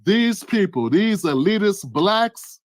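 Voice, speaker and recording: Slow and expressive, a man's high-pitched voice carries his own channel's political commentary. He is fervent, leans on repeated rhetorical questions, and speaks to a listener by name.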